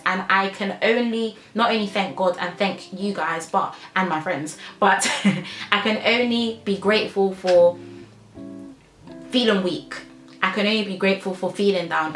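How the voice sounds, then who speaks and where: A woman's voice: on the low side, fairly bright tone. A young woman, talking to camera in an emotional vlog, heartfelt and emphatic, often laughing through tears. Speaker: YouTuber. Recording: echoey room with faint music.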